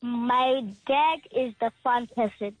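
A woman's voice: a little high, slow pace, no echo, rough recording. A young girl calling in to a radio show, giving shy, short answers. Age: child. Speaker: child caller. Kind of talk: phone-in chat.

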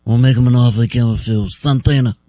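A man doing a quick impression of an aging mafia boss from a film, in a low, rushed voice. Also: fairly even intonation, warm tone, dry recording, close to an everyday voice. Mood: menacing. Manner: rushed, low mumbling delivery.

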